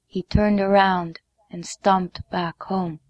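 A woman reads a first-person story aloud, slow and measured, sometimes dropping to a hush. Her voice sits in the middle of the range, and the recording is dry and close. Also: mid-range voice, little pitch movement, no echo, lo-fi sound. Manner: measured, deliberate, sometimes hushed. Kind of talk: reading a memoir story aloud.

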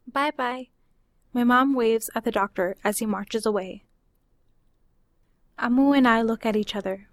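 A woman reading her own personal story aloud in a measured, unhurried way. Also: on the high side, dry recording.

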